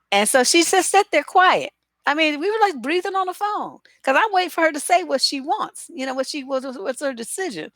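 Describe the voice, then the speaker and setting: A woman's voice: sits high, fairly bright tone, no echo. A woman relationship coach giving casual livestream advice, chatty and blunt, with many filler phrases.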